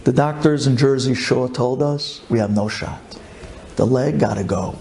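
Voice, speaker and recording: A rabbi giving an impassioned storytelling sermon, fervent and pleading, repeating phrases and swinging from low calm to high emotional cries. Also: male voice, moderate pace, a little hiss or hum. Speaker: rabbi telling an inspirational story.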